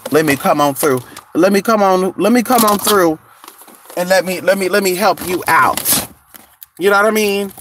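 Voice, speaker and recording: This is a sassy, lively gossip chat from a vlogger standing outdoors in the cold, addressing listeners as "honey" and "girl." The voice is mid-range, the pace moderate, and the background noisy.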